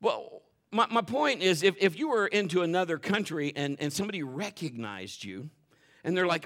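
A middle-aged man preaching a sermon in a folksy, animated way, acting out quotes and dropping to a whisper for emphasis. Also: high-pitched, a little fast, vocal fry. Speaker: pastor.

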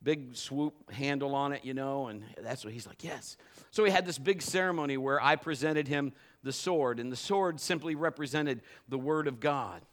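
A man's voice: medium pitch, normal speed, hardly any pauses. A middle-aged man preaching a live sermon in a church, emphatic and building to fervent exhortation. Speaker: pastor. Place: church service.

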